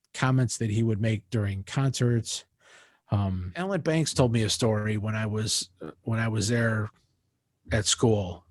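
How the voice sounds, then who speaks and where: A man guest in a casual interview, telling animated anecdotes and acting out the voices of people he quotes, with many restarts. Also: on the low side, slightly rough, no room sound, clean studio sound. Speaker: interview guest, jazz musician.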